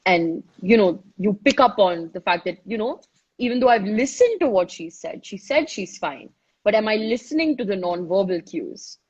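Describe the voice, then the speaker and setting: A woman's voice: mid-range voice, animated, moderate pace, darkish tone, slightly rough, dull audio. A woman giving chatty, casual advice in a live online session, often saying "you know" and talking it through. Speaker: speaker giving advice on listening.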